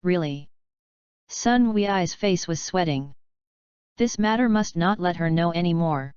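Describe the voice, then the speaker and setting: Narradora de voz grave e nítida. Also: female voice, lowish voice, lively intonation, measured pace, a little mellow, clean tone, no room sound, highs cut off. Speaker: audiobook narrator. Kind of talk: fanfiction audiobook narration.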